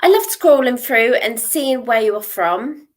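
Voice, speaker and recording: A middle-aged woman with a voice pitched a little high gives live psychic readings. She talks in a reassuring, encouraging way and keeps checking in with her listener. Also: animated, a little slow. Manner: reassuring, checks in with frequent "okay?". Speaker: psychic reader.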